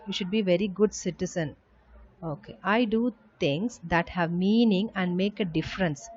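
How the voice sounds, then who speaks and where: A woman teacher giving a slow, emphatic lesson to young children. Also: mid-range voice, a little mellow, dull audio. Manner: slow, emphatic, reads habits aloud then explains. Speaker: school teacher.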